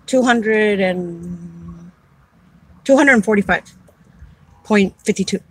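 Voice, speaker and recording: A woman's voice: mid-range voice, slow, pauses often, slightly rough, poor audio. A woman and caregiver advocate talking casually on a livestream, heartfelt and rambling, repeating words as she goes.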